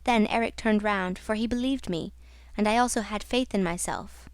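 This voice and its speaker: A woman narrating an audiobook in a slow, dramatic reading style. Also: medium pitch, dry recording, lightly acted. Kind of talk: scripted narration.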